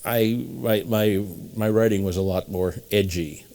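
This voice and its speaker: A man's voice: fairly low pitch, unhurried, gravelly, dark tone. A man from New England, a guest mentalist in an interview, telling long rambling anecdotes and acting out the voices of people in them. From New England, USA. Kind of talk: storytelling interview.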